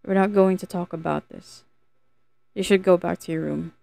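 A woman's voice: lowish voice, fairly even intonation, moderate pace, gravelly, dark tone, dry recording. A woman voicing a cold, defensive young female student who answers curtly and evasively. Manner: curt and evasive.

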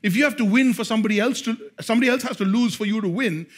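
A male pastor preaching a sermon, swinging between hushed, slow lines and loud, excited bursts. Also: sits high, slightly rough.

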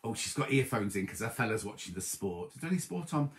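A man hosting a casual live stream from home, chatting warmly and reading out viewers' comments, with a slight cough. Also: on the low side, sing-song, quick pace. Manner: chatty, affectionate, reads viewers' comments aloud. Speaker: livestream host.

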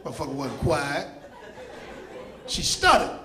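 A man doing a loud, rowdy stand-up comedy set, shouting his punchlines on a comedy club stage. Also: fairly high pitch, very animated, unhurried. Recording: roomy club with audience noise. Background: audience laughter and crowd noise.

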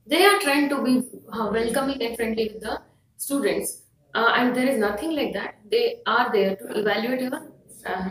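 A woman with an Indian English accent gives a firm, instructive lesson, pausing often on fillers. Her voice sits a little high. She sounds set back from the mic in a room with a clear echo. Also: far from the mic. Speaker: IELTS teacher. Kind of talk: explanatory lesson to camera.

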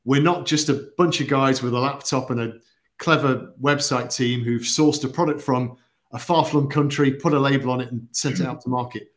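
A man walks viewers through supplements during a casual company livestream, serving as its product expert. He is earnest and methodical with the odd filler, his mid-range voice fairly even in intonation and at normal speed.

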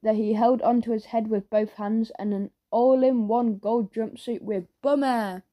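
Mellow woman reading a children's story. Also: fairly high pitch, moderate pace. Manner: lively storytelling with character voices. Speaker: audiobook narrator. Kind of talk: children's audiobook narration.

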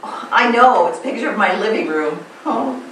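A woman's voice: on the high side, lively intonation, normal speed, a bit bright. A woman playing a weepy, sentimental divorcee in an amateur stage comedy, with dramatic sighs. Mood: polite. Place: theatre stage. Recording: echoey hall, stage mic far off, faint hum.

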